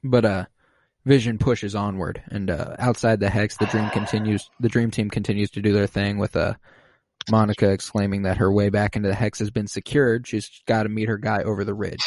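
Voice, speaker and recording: A man co-hosting a casual podcast, animatedly retelling scenes and jumping into high voices for the quotes. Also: little pitch movement, a little fast, darkish tone, dry recording. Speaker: podcast co-host recapping a TV episode. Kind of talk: casual chat.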